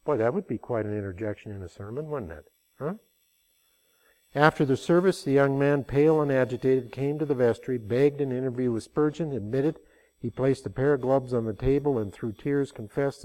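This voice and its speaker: A man's voice: mid-range voice, moderate pace, darkish tone. An older man preaching a sermon, telling stories in a folksy way and rising into emphatic passages.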